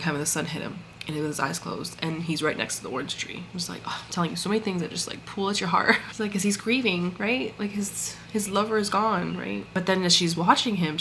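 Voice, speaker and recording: A woman's voice: on the low side, sharp tone, slight background noise. A woman chatting casually about a story she loved, gushing and acting out bits of dialogue with lots of fillers. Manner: gushing, chatty, full of fillers and acted-out quotes. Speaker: book reviewer. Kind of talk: casual chat recapping a story.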